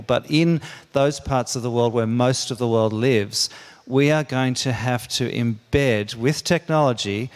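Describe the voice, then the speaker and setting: Older man, mid-pitched voice, earnest pleading speech, repeats and restarts. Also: long reverb tail. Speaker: keynote speaker. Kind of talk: conference speech.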